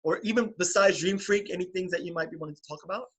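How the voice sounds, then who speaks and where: A man's voice: sits high, fast talker, slightly rough. A man hosting a casual podcast interview, gushing and laughing often. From California. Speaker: podcast host.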